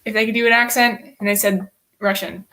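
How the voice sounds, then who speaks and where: A woman's voice: medium pitch, fairly even intonation, fairly quick, pushed and bright. A young woman guest in a casual livestream chat, answering briefly and laughing easily. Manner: brief replies, laughs often.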